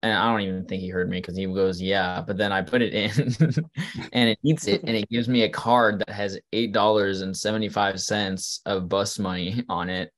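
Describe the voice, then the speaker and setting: A man's voice: on the low side, steady tone, moderate pace. A young man who is a college student, casually telling a self-deprecating story over a video call. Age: young adult. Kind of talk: casual chat.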